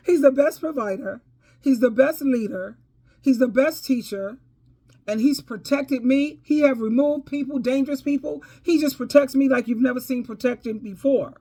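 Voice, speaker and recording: A woman's voice: sits high, normal speed, warm tone. A woman giving casual storytime advice, preachy and emphatic, calling listeners baby and girl, and repeating herself for emphasis. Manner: repeats phrases for emphasis, laughs between points. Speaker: advice vlogger.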